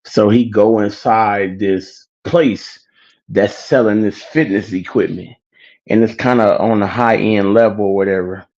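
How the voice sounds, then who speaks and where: A man's voice: on the low side, unhurried, a little mellow, lo-fi sound. A man hosting his own show who casually tells a story, rambling with plenty of filler. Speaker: show host.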